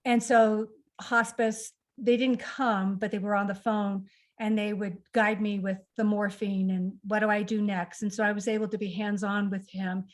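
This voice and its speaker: A woman's voice: mid-range voice, level tone, normal speed. A middle-aged woman recounting a personal family story in conversation, acting out the quoted lines of the people in it. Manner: emotional, acts out quoted dialogue. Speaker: author guest.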